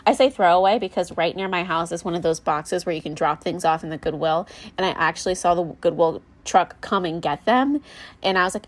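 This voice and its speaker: A young mother chats candidly on camera, her voice sitting a little low for a woman. She rambles and restarts, sprinkling in likes and ums as she confides her insecurities, close to tears. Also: a little fast. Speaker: mom vlogger. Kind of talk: candid personal vlog chat.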